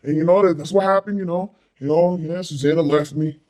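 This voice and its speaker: A woman's voice: fairly low pitch, steady tone, fairly quick, dark tone, voice pushed down, natural voice. A woman doing an impression of a boozy, self-pitying middle-aged male neighbor who rambles and repeats himself. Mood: maudlin rambling.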